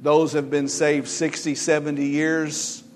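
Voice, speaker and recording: A man's voice: on the high side, little pitch movement, measured pace. Emphatic male pastor preaching. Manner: emphatic, exhorting, repetitive. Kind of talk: sermon.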